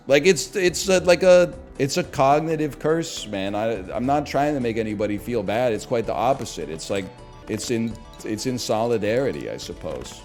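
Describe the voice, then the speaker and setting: A man streaming a game and chatting casually, animated and joking, with frequent swearing. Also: mid-range voice, moderate pace, soft background music. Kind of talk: casual chat while gaming.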